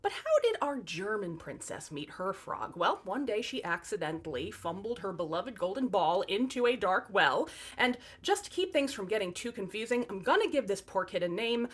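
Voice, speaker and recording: A woman's voice: mid-range voice, sing-song, moderate pace, hardly any pauses, slightly rough. A woman telling fairy tales in a comic narration, with sarcastic, wry asides to the audience. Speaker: storyteller.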